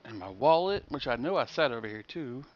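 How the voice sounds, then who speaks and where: A man's voice: mid-range voice, big pitch swings, fairly quick, lo-fi sound. A man streaming a game, chatting casually and joking as he thinks aloud. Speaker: gaming streamer. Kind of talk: casual live-stream chat.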